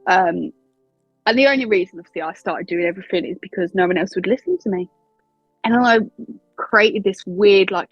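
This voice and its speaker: A woman's voice: mid-range voice, slightly rough, no echo, lo-fi sound. A woman in her twenties with an Essex accent, answering interview questions in a chatty, candid way and laughing easily. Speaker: wrestling announcer and interviewer.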